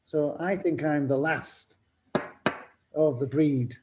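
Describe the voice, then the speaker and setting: A man's voice: fairly high pitch, fairly even intonation, slow, background noise. An older man, a teacher chatting casually and telling stories with self-mocking humor. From England. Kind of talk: casual panel talk.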